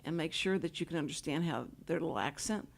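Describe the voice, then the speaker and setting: A woman's voice: low voice, quick pace, creaky. A woman from Houston hosting a talk show, rambling and laughing often as she chats with guests. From Houston, Texas. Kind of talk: casual chat. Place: radio studio.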